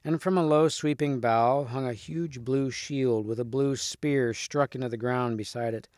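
A man, a teacher, reading a storybook chapter aloud at a clear, steady pace. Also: mid-range voice, measured pace, dry recording, studio quality.

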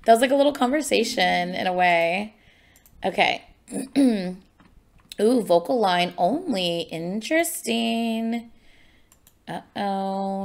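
A woman's voice: mid-range voice, slow pace, gravelly, pauses often. A woman doing casual, enthusiastic reaction commentary on music for her channel. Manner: chatty and enthusiastic.

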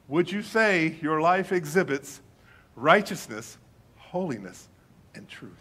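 A pastor giving a conversational sermon, swinging between loud emphasis and quiet asides, with a husky voice. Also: male voice, high-pitched, very animated, moderate pace.

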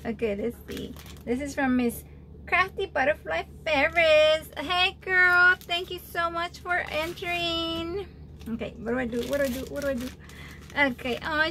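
A woman chatting casually while opening mail on a home craft vlog, gushing and excitable with frequent exclamations. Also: extremely high pitch, noisy background. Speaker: craft vlogger opening birthday challenge mail. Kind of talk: casual unboxing chat.

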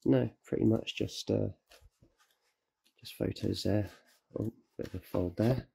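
An ill photographer and self-publisher chats casually through a how-to vlog, rambling, correcting himself and apologizing. His voice is lowish, unhurried, gravelly and slightly rough, with a dark tone.

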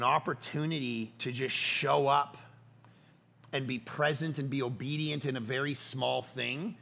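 A middle-aged man preaching a sermon as pastor, telling stories with animated swings between loud bursts and hushed, quiet passages. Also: medium pitch, a little slow, creaky.

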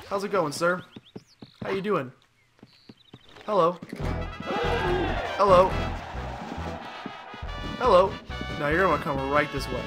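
A young man giving casual, jokey let's play commentary, excitable and talking to the game figures. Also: a little high, measured pace, pauses often. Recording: voice over loud game music. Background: game music.

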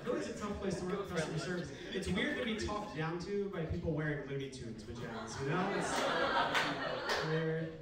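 Young guy doing deadpan standup, lots of uhs, slightly high voice, super echoey far-off club recording. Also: a loud crowd. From Philadelphia. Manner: deadpan, halting with fillers. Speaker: stand-up comedian. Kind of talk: stand-up set. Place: comedy club stage. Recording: echoey club recorded from afar, loud noise. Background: audience laughter.

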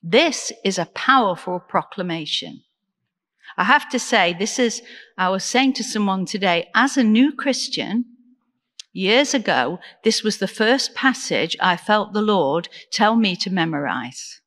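A woman deacon preaching a sermon in an earnest, measured way, asking the congregation questions. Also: medium pitch, expressive, a bit bright, in a large hall. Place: church.

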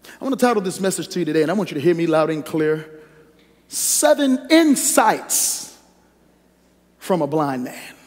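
Male pastor, high bright voice, preaching to a congregation, reverb-heavy hall. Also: quick pace. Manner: lively call-and-response, teasing the congregation. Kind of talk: sermon with scripture reading.

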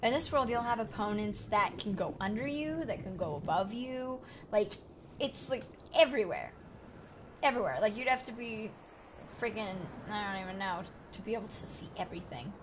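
A young woman hosting a casual let's play, excitable and talking to game creatures as she plays. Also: mid-range voice, moderate pace, background noise. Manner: excitable, talks to game creatures, jumps from whispers to yelps. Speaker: gaming channel host.

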